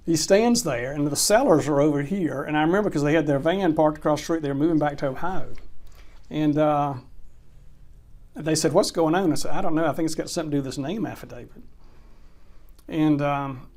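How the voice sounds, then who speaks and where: Middle-aged man, lively anecdote teller, a bit high-pitched. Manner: animated anecdote teller, acts out quoted dialogue. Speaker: real estate closing attorney. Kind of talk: storytelling in an interview.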